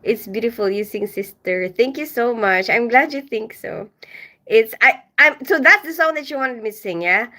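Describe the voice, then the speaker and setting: A woman's voice: fairly high pitch, expressive, normal speed, bright, forceful tone. A middle-aged woman from the Philippines hosting a casual livestream from home, reading comments and greeting viewers by name with frequent laughter. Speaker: livestream host.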